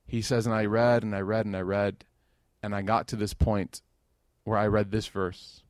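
A man's voice: fairly low pitch, level tone, normal speed, darkish tone, dry recording, clean studio sound. A man giving an informal sermon at a religious gathering, talking conversationally with joking asides and growing emotional over scripture.

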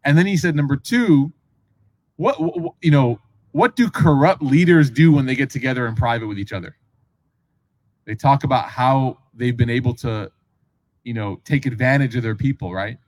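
With a darkish tone, medium pitch and normal speed, a male Islamic preacher tells stories in a relaxed sermon. He acts out the dialogue and puts questions to the audience.

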